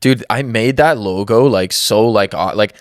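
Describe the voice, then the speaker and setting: A man's voice: on the low side, a little slow, no echo, studio quality. A young man, a comedian, talking as a guest on a podcast in a laid-back, rambling way. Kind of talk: casual chat. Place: home.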